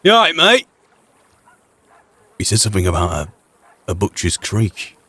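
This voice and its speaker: A man's voice: deep voice, fairly even intonation, brisk, slightly rough, dry recording. A man playing a blunt, teasing, suspicious frontier fisherman. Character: gruff cagey frontier man who fishes.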